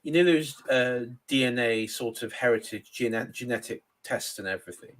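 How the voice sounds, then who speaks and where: A man from Cornwall with a middle-class English accent, chatting as a podcast guest and pausing often with ums and uhs. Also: mid-range voice, a bit bright. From Cornwall, England. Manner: hesitant, lots of ums and uhs. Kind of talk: casual podcast chat.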